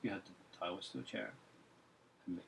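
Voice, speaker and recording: A man's voice: deep voice, fairly even intonation, fairly quick, creaky, over a noisy crowd, rough recording. A man hosting a casual group chat, rambling, joking and laughing often. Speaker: podcast host.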